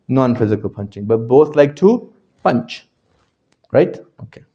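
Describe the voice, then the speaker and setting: Questioning male teacher, mellow muffled voice. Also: mid-range voice. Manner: questioning, checks understanding constantly; animated, swings from loud to quiet. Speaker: religious teacher. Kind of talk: interactive lecture to a class.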